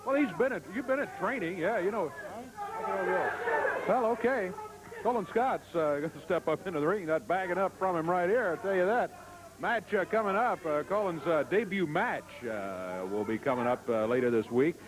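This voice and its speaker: A man hosts a televised wrestling segment, interviewing guests and calling the action excitedly. His fairly high voice swoops up and down as he talks, with plenty of fillers. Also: moderate pace, rough recording.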